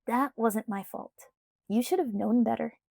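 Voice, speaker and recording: A woman's voice: a little high, a little slow, vocal fry, a little mellow, dry recording, clean studio sound. A woman reading the part of a cheerful, persistent teenage boy in an easygoing, coaxing way.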